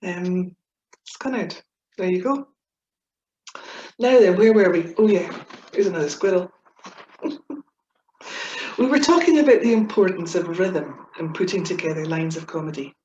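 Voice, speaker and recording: Scottish woman presenting a talk; chatty, giggly, playful asides; low-ish voice; echoey, dull video-call sound. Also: animated, measured pace, pauses often, dark tone, a little hiss or hum. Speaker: webinar speaker on Scots humour.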